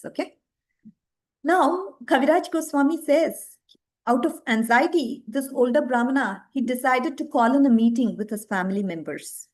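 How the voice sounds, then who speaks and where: Brief: woman storyteller, high-pitched, expressive devotional lecture style with rhetorical questions.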